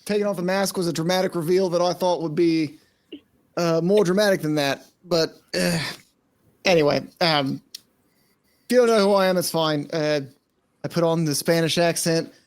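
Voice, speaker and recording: A showy, self-amused masked performer, played by a player in a tabletop game. He rambles on about himself at an ordinary pitch. Everything he says comes out loose and offhand. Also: normal speed, natural voice. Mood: rambling. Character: showy masked male performer with a put-on accent. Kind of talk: tabletop role-play.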